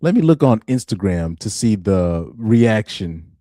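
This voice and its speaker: A man's voice: lowish voice, expressive, moderate pace, few pauses, warm tone, no room sound, clean studio sound. A young man on a live stream reacting to articles, laughing often, repeating himself and restarting his sentences in casual chat.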